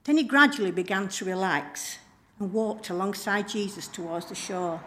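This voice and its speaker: A woman's voice: medium pitch, moderate pace, pushed and bright. A middle-aged woman giving an informal church message, retelling a story in a homely, conversational way with frequent hesitations. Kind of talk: informal recorded sermon.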